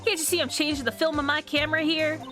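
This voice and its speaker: Girl doing a loud southern lady w a big drawl, high and scolding, bright. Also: level tone, fast, faint music behind. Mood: brash. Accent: American Southern. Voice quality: exaggerated drawl. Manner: blustery, scolding. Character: brash loud Southern woman photographer. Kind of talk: reading game dialogue aloud.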